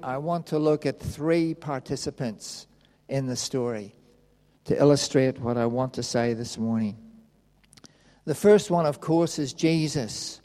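Slow, measured male preacher in a hall. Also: on the high side, mellow. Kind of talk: sermon with Bible reading. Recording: long reverb of a hall.

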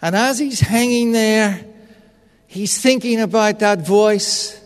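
A man's voice: sits high, a little slow, smooth. A man preaching a sermon in an earnest, personal storytelling manner. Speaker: pastor. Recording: echoey hall reverb.

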